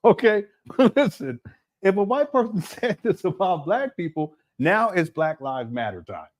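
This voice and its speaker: Livestream host, man, high lively voice, giggly and mocking. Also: measured pace. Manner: laughs constantly, mocking. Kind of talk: casual livestream commentary.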